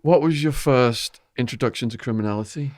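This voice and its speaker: A man's voice: mid-range voice, fairly quick, darkish tone, no room sound, clean studio sound. A man in his fifties hosting a podcast interview, asking brief, plain questions and adding short acknowledgements. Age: 50s. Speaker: podcast host.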